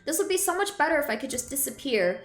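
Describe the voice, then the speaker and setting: A woman voicing a gentle, anxious teenage girl in a game, reading her lines softly and earnestly. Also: high-pitched, big pitch swings, fast, echoey room. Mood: sad.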